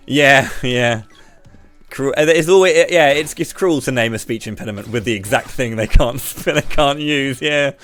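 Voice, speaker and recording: A man's voice: mid-range voice, fairly bright tone, faint music behind. Ranty British man with a slight lisp. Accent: British English. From Britain. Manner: ranty, talks straight to chat with quick questions. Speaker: streamer. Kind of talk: live-stream chat.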